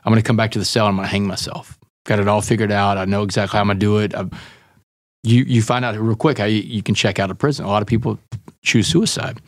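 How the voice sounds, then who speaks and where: A man's voice: on the low side, no room sound, studio quality. A middle-aged man, a podcast guest, candidly tells a story and acts out the dialogue he quotes. He calls the listener "man" and "brother".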